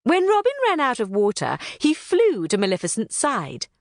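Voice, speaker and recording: In a slightly high voice at normal speed, a woman narrates a children's book from a script, animated like a storyteller. It's an audiobook recording with studio quality and no echo.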